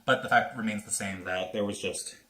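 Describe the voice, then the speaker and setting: A man giving a casual, animated movie review, talking fast and swearing a lot. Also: fairly low pitch, slight background noise. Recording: echoey room.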